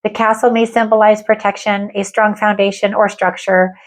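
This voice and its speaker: In an ordinary-pitched voice, a woman offers a spiritual tarot reading full of gentle, earnest reassurance. Reading out the card descriptions, she shifts to a calm, measured delivery.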